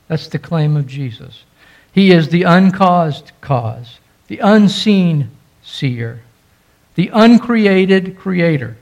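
A man's voice: a little high, lively intonation, slow pace, vocal fry, darkish tone, muffled recording. A man preaching a sermon as pastor, stressing key phrases emphatically.

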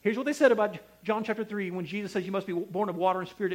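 A man preaching a sermon, emphatic and repetitive, with sharp swings between loud and soft delivery. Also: high voice, racing, hardly any pauses. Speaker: pastor.

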